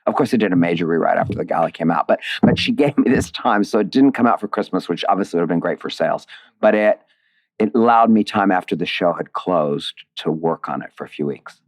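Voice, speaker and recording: Man, middle-aged, very low voice, emotional talker who restarts sentences, interview guest. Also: quick pace. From United States. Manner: animated, emotional storytelling with many restarts. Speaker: guest, playwright and lyricist. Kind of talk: conversational interview.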